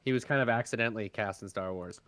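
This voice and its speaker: Fast-talking rambling male co-host. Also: lowish voice, fairly bright tone, dry recording. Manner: quick, rambling, filler-heavy. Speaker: podcast co-host. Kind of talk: casual chat.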